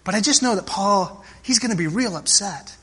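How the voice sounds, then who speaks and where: A preacher doing a polite young farm boy, folksy and apologetic, with a husky, fairly high voice. He keeps his worry low-key, told as a story from the pulpit. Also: expressive, normal speed, sharp tone, heavily acted. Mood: worried.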